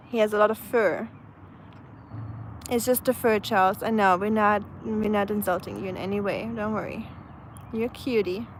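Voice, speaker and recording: Woman with a German accent, slightly high voice, live streamer chatting casually outdoors. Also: a little hiss or hum. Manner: chatty, answers viewers' comments, frequent fillers and restarts. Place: outdoors on a sunny day.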